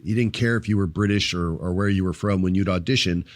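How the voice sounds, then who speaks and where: Animated male podcast host, dry sound. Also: sits low, fast, dry recording. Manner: animated storyteller, acts out quoted voices. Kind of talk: casual wrestling chat.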